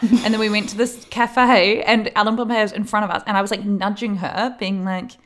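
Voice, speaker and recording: A woman in her late twenties co-hosting a podcast, telling lively anecdotes and acting out what people said, swearing freely. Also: a little high, quick pace, hardly any pauses. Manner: animated storyteller, acts out quotes, swears freely. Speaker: podcast co-host. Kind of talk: casual chat.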